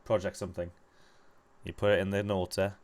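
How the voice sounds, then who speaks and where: A young man chatting casually while gaming with friends, swearing freely and rambling through animated stories. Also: deep voice, fairly quick. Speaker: gamer playing with friends over voice chat.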